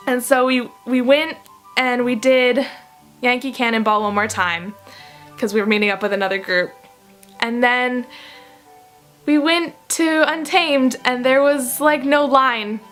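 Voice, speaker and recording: High, bright-voiced young woman vlogger. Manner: excitable, giggly storytelling with quoted voices. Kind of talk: storytelling vlog.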